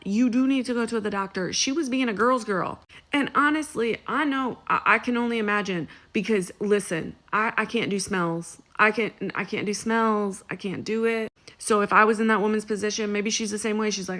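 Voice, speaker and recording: A woman's voice: mid-range voice, brisk. Sassy woman retelling a viral clip. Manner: animated, acts out both sides with sassy asides. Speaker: social media commentator. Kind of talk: casual reaction video chat.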